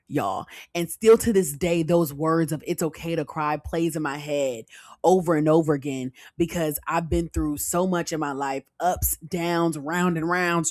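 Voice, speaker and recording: A woman's voice: low voice, dry recording. Chatty young woman podcaster, dry sound. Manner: chatty, addresses listeners as girl, child, honey. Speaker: podcast host. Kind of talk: casual storytime podcast talk.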